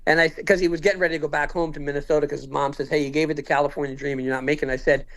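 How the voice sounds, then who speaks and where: Fast-talking man telling an animated story. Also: fairly high pitch. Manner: animated, acts out quoted dialogue. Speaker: podcast guest. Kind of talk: storytelling in casual conversation.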